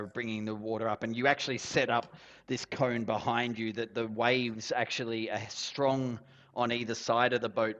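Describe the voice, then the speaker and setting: A man's voice: on the low side, a bit bright, muffled recording. A man narrating as game master, rambling with many fillers.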